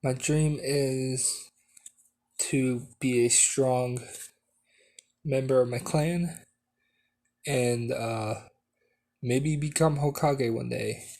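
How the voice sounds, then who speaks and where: A man voicing a determined young girl ninja student in a fan story, speaking in a halting, hesitant way. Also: mid-range voice, steady tone, creaky, a little mellow.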